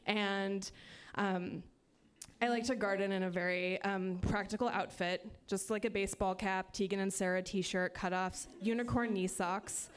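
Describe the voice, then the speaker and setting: A woman performing a stand-up set in a chatty, self-mocking way full of "like" and quick asides. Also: mid-range voice, steady tone, smooth. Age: 30s. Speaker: stand-up comedian. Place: comedy club stage.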